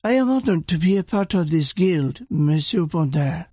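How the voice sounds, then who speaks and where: A man's voice: a little high, expressive, moderate pace, warm tone, no room sound, clean studio sound. Male reader voicing a stern teenage French girl warrior; raised voice, formal, unsmiling. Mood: solemn.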